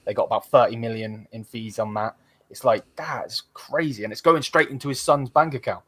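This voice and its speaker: A man's voice: mid-range voice, steady tone, a little fast, a bit bright, husky. Rambling man hosting. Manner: rambling, swears freely, many fillers. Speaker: podcast host. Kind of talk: casual football chat.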